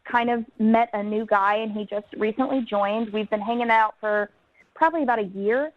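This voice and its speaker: A woman's voice: medium pitch, normal speed. A woman calling into a radio show, telling her story in a chatty, giggly way over the phone. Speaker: caller. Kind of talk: phone-in chat. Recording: dull phone-line sound.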